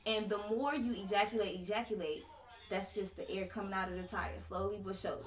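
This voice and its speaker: A woman's voice: mid-range voice, steady tone, fast talker, distant mic. Slang-loving woman explaining with conviction. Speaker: guest, tantric sex coach. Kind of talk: casual podcast conversation. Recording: roomy, a little off-mic.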